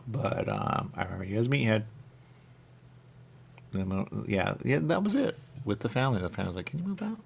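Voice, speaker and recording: A man's voice: lowish voice, big pitch swings, brisk, creaky, slight background noise. A man hosting a radio talk show, rambling casually and thinking aloud with lots of questions.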